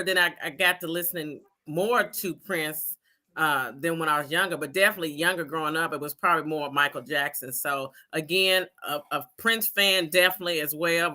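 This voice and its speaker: A man co-hosting a casual chat, talking in a measured, reflective way with many hedges. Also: a little high, bright, forceful tone. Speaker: co-host.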